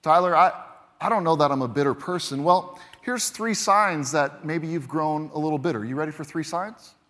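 A higher-pitched man preaches from the pulpit, leaning hard into key words and then dropping to a hush. His voice rings out through the long reverb of a large church hall. Each point lands with insistent emphasis. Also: moderate pace. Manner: emphatic, swings between loud punches and quiet drops. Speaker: pastor. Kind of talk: sermon.

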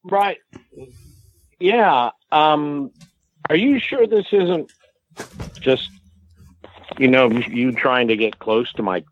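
A man's voice: a little high, lively intonation, slow, pauses often, a little hiss or hum. An older man on a phone call, hesitant and dryly skeptical. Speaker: prank call target. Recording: tinny phone line.

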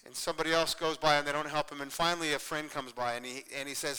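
A man preaching in an earnest, conversational way, often pausing to check in with his listeners. His voice sits a bit high and sounds bright and crisp. A long church-hall reverb trails behind his words. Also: fairly even intonation. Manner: earnest, repetitive, conversational preaching with frequent "okay?" check-ins. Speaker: pastor. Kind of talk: sermon.

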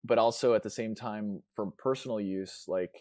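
A man's voice: on the low side, normal speed, warm tone, no room sound, studio quality. A man hosting a casual interview, easygoing and rambling, often searching for words mid-sentence. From Chicago. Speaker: podcast host.

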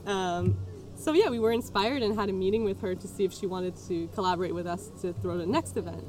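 A woman chats about her design community in a loose, talkative way, stopping and restarting her words as she goes. Her voice sits in an ordinary middle range. A clear hiss of noise runs under the recording. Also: medium pitch, a little fast. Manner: chatty, restarts words often, laughs easily. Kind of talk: casual podcast chat.

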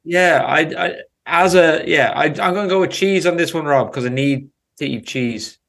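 A man's voice: fairly high pitch, moderate pace, fairly bright tone. A man co-hosting a casual podcast, rambling easily through answers and swearing now and then. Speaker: podcast co-host.

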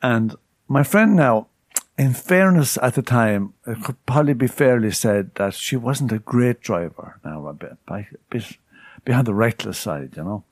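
A man's voice: mid-range voice, animated, moderate pace, dry recording. A man co-hosting a podcast, telling a rambling story and tagging on "right?" again and again. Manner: rambling, keeps asking "right?". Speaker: podcast co-host. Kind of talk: casual anecdote telling.

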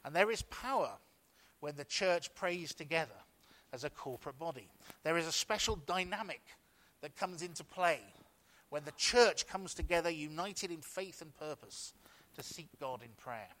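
A man preaches in a church, leading into scripture with an extended story. He restarts his phrases often as he speaks, and his voice sits a little high for a man. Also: animated, moderate pace, sharp tone. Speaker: pastor. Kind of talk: sermon.

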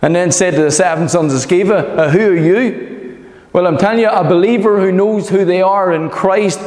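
A man preaching a sermon as pastor, emphatic and animated, calling for amens from the congregation. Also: sits high, fairly quick. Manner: emphatic, animated preaching with repeated calls of amen. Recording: echoey hall reverb.

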